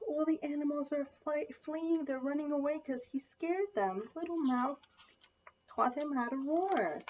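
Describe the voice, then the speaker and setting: A woman librarian reading picture books aloud at storytime, expressive and asking the children questions. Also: high-pitched, measured pace. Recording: lo-fi dull sound.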